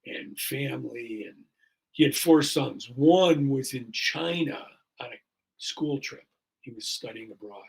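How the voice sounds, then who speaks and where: A fire chief in his sixties tells a story in a very gravelly, deeply husky voice. He talks in a casual, earnest way, wandering through fillers as he goes. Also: measured pace, low-quality recording. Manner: earnest, rambling with many fillers. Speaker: fire chief, podcast guest. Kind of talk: casual storytelling in a podcast interview.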